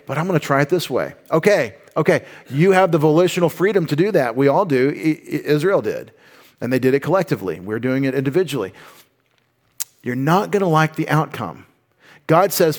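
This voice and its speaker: A man's voice: on the high side, lively intonation, a little fast. A man giving a conversational Bible teaching, informal and explanatory, with frequent asides and restarts.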